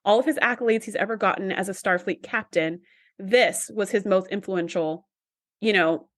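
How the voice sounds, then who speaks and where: A woman's voice: medium pitch, moderate pace, no room sound, studio quality. A woman co-hosting a casual podcast, telling stories in a chatty way with laughter and playful quoted voices. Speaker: podcast co-host. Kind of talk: casual podcast chat and storytelling.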